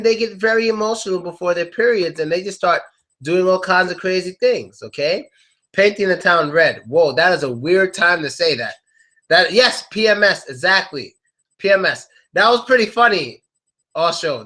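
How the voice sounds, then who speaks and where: In a live class, a man teaches English idioms with jokes and lots of energy, acting out quotes in loud, high-pitched voices.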